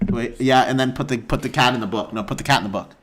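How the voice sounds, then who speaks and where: A young man hosting a goofy casual podcast, loud and laughing, swearing and bursting into yells. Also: mid-range voice, quick pace, noisy background. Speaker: podcast host.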